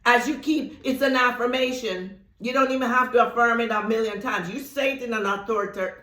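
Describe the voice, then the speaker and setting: A woman's voice: on the high side, sharp tone. Emphatic woman teaching in a roomy space. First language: Thai. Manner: emphatic, slow and deliberate on key words, laughs often. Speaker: spiritual teacher. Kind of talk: spiritual teaching talk. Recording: roomy echo.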